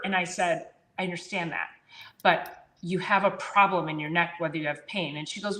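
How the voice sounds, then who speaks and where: A woman hosting a chiropractic talk show, telling a patient story in a casual, animated way and acting out both sides of the conversation. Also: on the low side, moderate pace. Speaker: chiropractor and podcast host. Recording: roomy echo.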